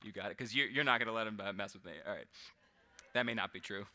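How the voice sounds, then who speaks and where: A man's voice: lowish voice, fast talker, sharp tone. A man performing a live comedic mind-reading act on a convention stage, chatty and self-deprecating, laughing often as he works with audience volunteers. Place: large convention hall stage.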